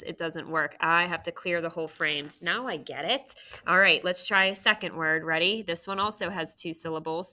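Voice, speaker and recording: A woman's voice: on the low side, sharp tone. A woman teacher giving a recorded phonics lesson to young children, patiently sounding out syllables and asking questions.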